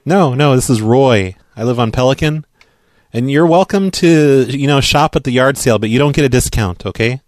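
A man on a prank phone call, pushing his case in a flat, deadpan way as though it were the most normal request. His voice sits in a middle register and sounds close and dry, with no room around it. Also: mid-range voice, normal speed, no room sound. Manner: pushy, deadpan, matter-of-fact. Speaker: prank caller.

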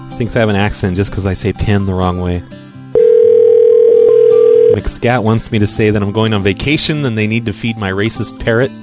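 A man making a prank phone call, talking in a pushy, deadpan, matter-of-fact way. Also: on the low side. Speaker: prank caller.

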